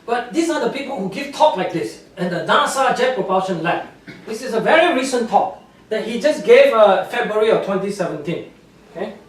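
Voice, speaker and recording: A man giving a public lecture with slides, speaking animated, scornful English with non-native grammar and laughing at his own points. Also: high voice, a little fast. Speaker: guest speaker, scientist. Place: lecture room with audience. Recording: echoey hall from far off.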